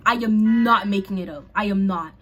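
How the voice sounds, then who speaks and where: Husky young woman telling a story. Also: medium pitch, normal speed, muffled recording, faint music behind. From Haitian family. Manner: chatty, animated, lots of "like" and asides to viewers. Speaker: storyteller vlogger. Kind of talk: casual storytime vlog.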